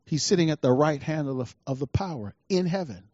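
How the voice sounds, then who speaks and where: A man preaching a sermon as a pastor, swinging between fervent declarations and hushed asides. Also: a little high, lively intonation, fairly quick, no echo, dull audio.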